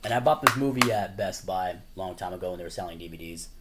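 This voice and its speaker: A man talks in a relaxed, meandering way, filling his sentences with "you know" and "like". His voice sits on the lower side. He laughs often as he goes, and a faint background hiss stays under the talk. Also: fast talker. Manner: rambling, full of "you know" and "like"; laughs often while talking. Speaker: YouTuber. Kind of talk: casual chat.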